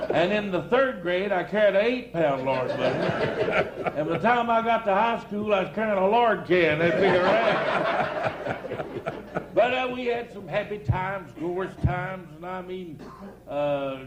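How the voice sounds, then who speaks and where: An older man telling comic stories to a live audience in a folksy drawl. He chuckles often and builds each tale to a punchline. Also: high voice. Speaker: evangelist storyteller. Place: outdoor church campground stage. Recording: roomy live recording, faint noise.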